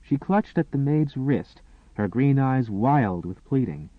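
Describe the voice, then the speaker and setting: Expressive male audiobook narrator. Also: medium pitch, a little slow, dry recording. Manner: dramatic, expressive storytelling. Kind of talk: scripted narration. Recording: tinny, phone-like and dry.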